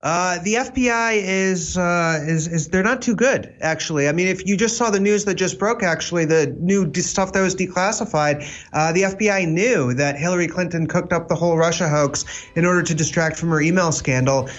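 A man speaking as a guest commentator on a political talk show, halting with lots of fillers and a wry edge. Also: high-pitched, dull audio.

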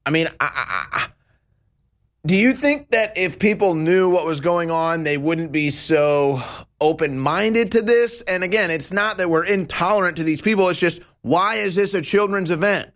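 A man hosting a talk show, giving emphatic, sarcastic commentary with a lively voice. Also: sits high, normal speed. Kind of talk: opinionated commentary.

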